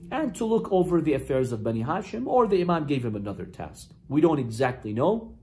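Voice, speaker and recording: A man preaching a sermon as a story, impassioned and building in intensity, at times chanting Arabic verses. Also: mid-range voice.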